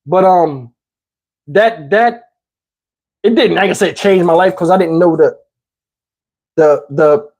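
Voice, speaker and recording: Husky man telling a rambling story. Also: sits high, slow pace, long pauses. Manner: rambling, animated, with many restarts and fillers. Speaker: storytelling livestream host. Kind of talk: casual profane storytelling. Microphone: wearing a microphone.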